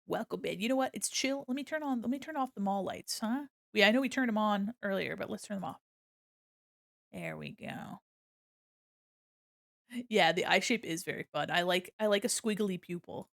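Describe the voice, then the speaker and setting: A woman chats her way through a drawing livestream, laughing easily and explaining her steps as she goes. Her voice carries a light gravelly fry. She sits close to a desk microphone in a dry home room. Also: mid-range voice, animated, moderate pace, dry recording. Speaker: art streamer. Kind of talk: casual livestream chat while drawing.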